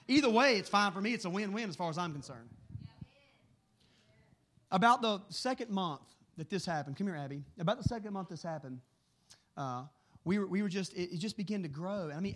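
A man preaching and telling stories in an earnest, animated way, often repeating words as he goes. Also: sits high. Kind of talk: storytelling sermon.

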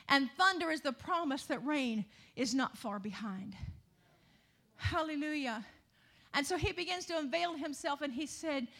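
A woman preaching a sermon in a very high, bright, forceful voice. She talks to the congregation in a conversational way, then builds to loud, climbing emphasis and calls of hallelujah. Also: animated, normal speed, vocal fry.

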